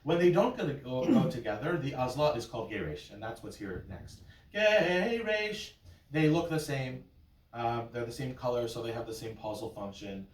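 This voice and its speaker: A man's voice: medium pitch, animated, a little fast, few pauses, a little mellow. A man working as a cantor, teaching a small class with playful memory tricks and short sung examples. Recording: roomy and from far off.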